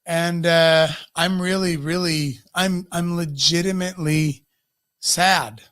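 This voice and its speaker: A man's voice: fairly high pitch, steady tone, slow pace, a bit bright, dry recording, clean studio sound. A man co-hosting a live podcast, talking in an emotional, profane rant. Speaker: podcast co-host. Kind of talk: casual live podcast chat.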